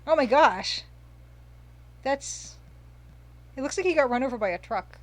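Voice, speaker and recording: A woman's voice: high-pitched, animated, measured pace. A woman casually commenting while streaming a retro game, chatting, reading viewer comments aloud and gushing over the pixel art.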